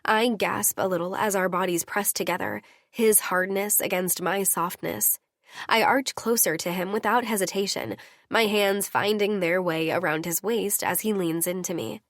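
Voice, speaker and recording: A woman's voice: mid-range voice, steady tone, normal speed, no room sound, studio quality. Intimate female audiobook narrator. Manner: intimate first-person reading. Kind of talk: scripted romance narration.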